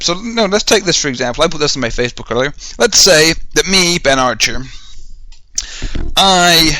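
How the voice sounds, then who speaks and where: A man's voice: medium pitch, pushed and bright, no room sound. A man hosting a podcast, ranting heatedly in a solo monologue, swearing and firing off rhetorical questions. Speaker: podcast host.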